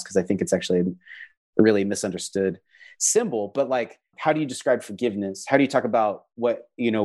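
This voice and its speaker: A man's voice: lowish voice, a little mellow. A man, a visual artist being interviewed, talking about his work and faith in an earnest, reflective way, with many fillers and restarts. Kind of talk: conversational interview answers.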